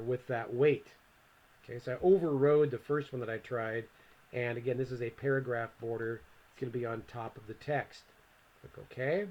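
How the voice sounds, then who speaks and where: A man's voice: mid-range voice, darkish tone, highs cut off. Man talking through a screencast tutorial. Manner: casual, talks to himself while clicking; joking asides to viewer. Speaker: instructor.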